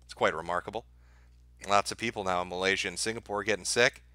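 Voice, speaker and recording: A man's voice: deep voice, fairly even intonation, fast, bright, forceful tone, smooth, no room sound, clean studio sound. A man hosting a live stream, talking to his chat in a sarcastic, crude and profane way.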